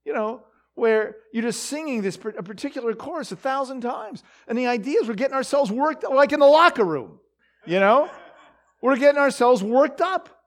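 A man preaching in a loose, conversational way, his voice sitting high and swinging widely up and down. He keeps turning to the listeners with quick questions and fills his pauses with small fillers. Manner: animated, talks to the audience with frequent fillers and rhetorical questions. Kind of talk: conversational sermon.

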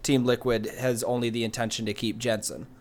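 A man's voice: medium pitch, level tone, fairly quick, slight background noise. A man co-hosting a casual esports chat, rambling with many fillers and restarts. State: hiccups. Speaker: podcast co-host.

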